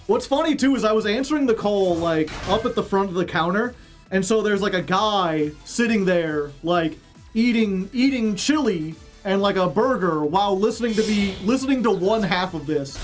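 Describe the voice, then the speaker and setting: A man streamer telling a story in a casual, animated way, laughing as he goes. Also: sits high, moderate pace, faint music behind.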